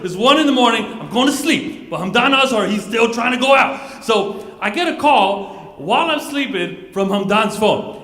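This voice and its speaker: A man doing stand-up storytelling, animated, with quick asides and laughter slipping into his lines. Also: extremely high pitch. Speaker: comedian. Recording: roomy hall reverb.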